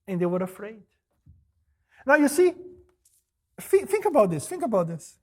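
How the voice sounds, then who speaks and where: A male pastor preaching a sermon, firing off rhetorical questions and answering them, moving between loud emphasis and quiet asides. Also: sits high, sing-song, normal speed, pauses often.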